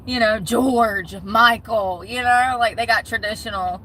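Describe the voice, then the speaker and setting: Bright, frank Southern-accented woman. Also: a little high, unhurried, slight background noise. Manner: frank and animated, swearing freely. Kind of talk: casual chat.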